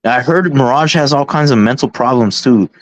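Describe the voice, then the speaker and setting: A man's voice: medium pitch, moderate pace, no echo. A man hosting a heated boxing panel chat, arguing back, repeating himself and restarting sentences. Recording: dull lo-fi call audio.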